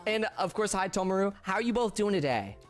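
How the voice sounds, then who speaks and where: A tired man streaming a racing game, chatting casually with viewers in a flat, subdued way with halting restarts. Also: high-pitched, faint music behind. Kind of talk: casual livestream chat with viewers.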